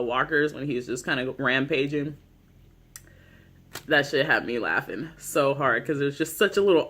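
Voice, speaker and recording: A man's voice: fairly high pitch, fairly bright tone. Rambling, slangy man recapping a show. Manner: rambling, heavy use of "like" and "you know"; swears freely, slangy. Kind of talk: casual TV episode recap.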